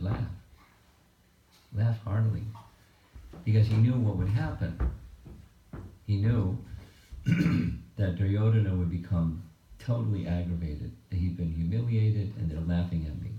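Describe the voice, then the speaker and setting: A man giving a scripture class at a home program, retelling the story in slow, measured, halting phrases. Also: low-pitched, a little hiss or hum. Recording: dull, roomy recording from a distance.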